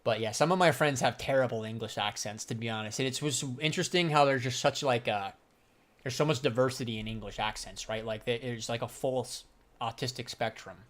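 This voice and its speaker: A man's voice: medium pitch, brisk, fairly bright tone. Slangy, profane young man streaming. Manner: loose, slangy and profane, laughs often. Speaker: livestreamer and crypto trader. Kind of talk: casual livestream chat, answering chat.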